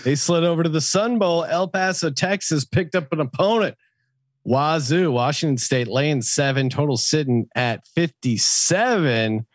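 A man with a fairly high voice hosts a casual betting podcast, reading off spreads and totals before tossing the question to a co-host. The sound is close and dry, with no room around it. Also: unhurried, no echo. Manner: reads lines and odds, throws questions to co-hosts. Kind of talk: casual sports betting talk.

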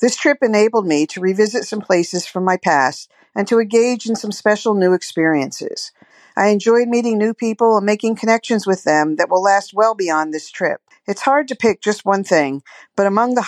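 A hoarse woman giving a prepared, gracious testimonial about her tour. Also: medium pitch, no room sound, clean studio sound. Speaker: listener guest.

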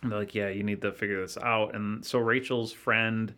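A man guest on a podcast telling a personal story in a halting, earnest way, with many restarts. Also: on the low side, fairly even intonation, sharp tone. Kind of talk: casual storytelling.

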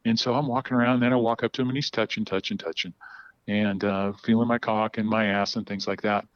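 A man giving a candid, halting account of personal events as a podcast guest, often repeating words as he goes. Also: lowish voice, fairly even intonation, no echo, highs cut off. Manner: halting, repeats words while telling a story.

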